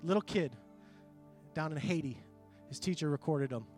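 A middle-aged man preaching a conversational sermon, animated and full of quoted asides. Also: a little high, normal speed, soft background music. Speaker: pastor.

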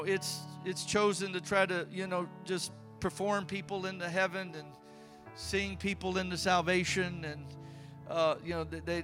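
High-voiced fervent preacher man. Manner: fervent, builds to loud preaching with frequent hallelujahs and amens; halting repetitions when calm. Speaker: pastor. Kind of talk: Pentecostal sermon testimony.

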